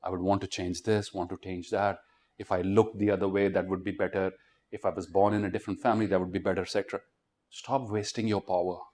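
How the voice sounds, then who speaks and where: A man giving a motivational talk to students, animated and constantly quizzing the crowd. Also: low-pitched, fast talker. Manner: animated, keeps quizzing the audience and leading call-and-response. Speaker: motivational speaker.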